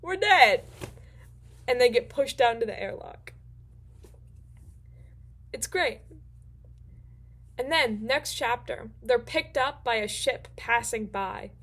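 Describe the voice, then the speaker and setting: Excitable, swearing book-recap host. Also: female voice, on the high side, takes it slowly, pauses often. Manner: rambling, excitable, swears freely.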